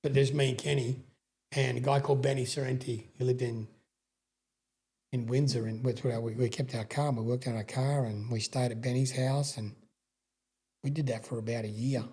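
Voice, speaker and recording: A man's voice: medium pitch, fairly even intonation, normal speed, mellow, breathy edge. A middle-aged Australian man telling rambling stories as a podcast guest, swearing freely and often restarting his sentences. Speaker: guest, sprintcar racing veteran. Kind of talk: casual storytelling interview.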